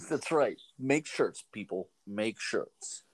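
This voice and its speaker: A man's voice: mid-range voice, drawn-out words, husky. A man hosting a radio show, joking around in a casual, playful way. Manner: jokey, playful, lively delivery.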